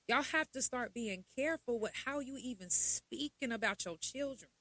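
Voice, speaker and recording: A woman's voice: fairly high pitch, moderate pace, few pauses, no echo. Blunt, profane woman podcast host. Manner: blunt, profane, animated storytelling. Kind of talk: casual monologue.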